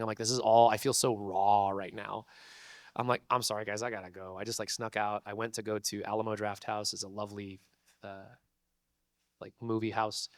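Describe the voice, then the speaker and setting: A man's voice: lowish voice, smooth, dry recording, clean studio sound. A young man, a voice actor, telling a story to a convention audience in a casual, chatty way full of "like" and "dude", with laughs between lines. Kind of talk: animated storytelling to a live audience. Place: convention panel room.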